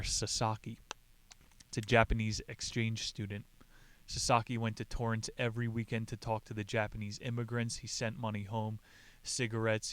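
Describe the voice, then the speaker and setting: A young man hosting a podcast, casually retelling a book with jokes, swearing and side comments. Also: fairly low pitch. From Southern California. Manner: loose and jokey, swears and makes asides. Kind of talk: casual storytelling recap.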